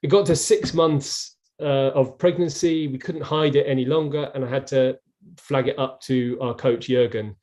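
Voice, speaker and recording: A man's voice: medium pitch, steady tone, mellow. A middle-aged man, a former rower, speaking earnestly in a live interview and often restarting his sentences. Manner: earnest, halting with many restarts.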